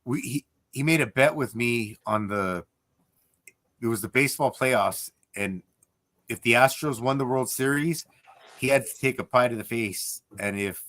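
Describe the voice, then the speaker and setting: A man's voice: fairly low pitch, fairly bright tone, no room sound. A man co-hosting a casual live stream, telling loose, rambling anecdotes full of restarts.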